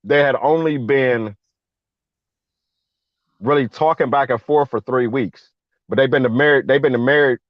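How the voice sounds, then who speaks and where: A man's voice: mid-range voice, moderate pace, long pauses, no echo. Man telling a story, lo-fi and dry. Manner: animated, slangy, acts out quoted voices. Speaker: guest veteran. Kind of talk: casual storytelling chat. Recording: dull lo-fi dry sound.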